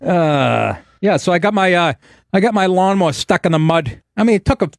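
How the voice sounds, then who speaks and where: A man's voice: high voice, expressive, a little fast, vocal fry, no room sound, studio quality. A man hosting a talk show, telling stories in a casual, sarcastic and profane way and putting on voices when he quotes people. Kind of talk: casual comedic monologue.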